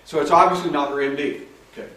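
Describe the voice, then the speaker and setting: A man's voice: fairly high pitch, fairly even intonation, fast talker, a bit bright. A man telling case stories to an audience as a hypnotherapist, acting out the dialogue in raised voices. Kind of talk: talk with audience questions. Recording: echoey room, far from the mic, faint noise.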